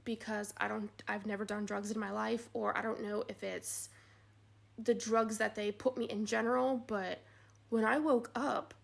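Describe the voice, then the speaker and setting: A young woman vlogger telling a personal story in a casual, rambling way, full of "like"s, getting animated at the funny parts. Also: mid-range voice, moderate pace, creaky.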